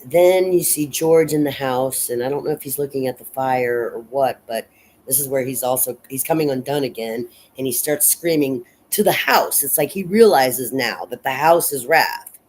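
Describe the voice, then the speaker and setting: A woman casually recapping and analyzing a film in a rambling, unhurried way, full of fillers and restarts. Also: very deep voice, darkish tone, a little hiss or hum, poor audio. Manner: unhurried and reflective. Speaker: film reviewer.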